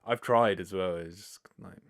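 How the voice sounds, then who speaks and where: A British man hosts his own podcast alone, working through listener questions. His voice sits a little low. He talks loosely, wanders off on tangents, pokes fun at himself and swears now and then. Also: moderate pace. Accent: British English. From Britain. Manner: rambling, self-deprecating, swears casually, lots of fillers. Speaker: podcast host. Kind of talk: casual solo podcast answering listener questions.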